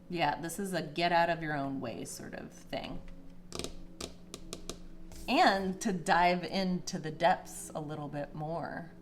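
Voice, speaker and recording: A woman giving a casual, emotional spiritual tarot reading, chatty with many fillers and sometimes teary. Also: slight background noise. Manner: emotional, gets teary and pitch rises. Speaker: tarot reader.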